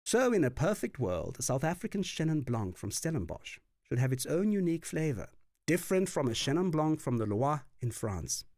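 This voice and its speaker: A man narrating a scripted wine lesson in an expressive, playful way. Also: on the high side, moderate pace, dry recording. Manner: lively, expressive delivery with playful put-on accents. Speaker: wine course instructor. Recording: dry voice-over with faint music.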